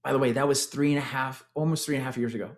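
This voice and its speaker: A Texan man in his forties, a former tech executive, gives an energetic, motivational fitness testimonial, repeatedly addressing his audience as "guys". His mid-range voice comes out rapid-fire with fairly even intonation.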